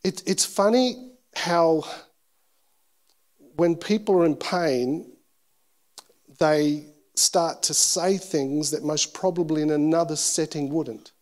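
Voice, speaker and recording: Storytelling male pastor, fairly high voice. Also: takes it slowly, long pauses. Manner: animated, self-deprecating storyteller. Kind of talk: sermon with personal storytelling. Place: church service.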